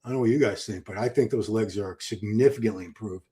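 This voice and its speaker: Hosting a live stream, this man talks fast in a fairly low, mellow voice. His commentary is chatty and enthusiastic, he reads viewer questions aloud, and he restarts a lot.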